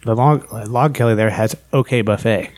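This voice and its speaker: A man's voice: medium pitch, normal speed, darkish tone, no echo. A man joining a casual podcast chat, telling jokes in an amused way. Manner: storytelling, amused. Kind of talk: casual crude banter.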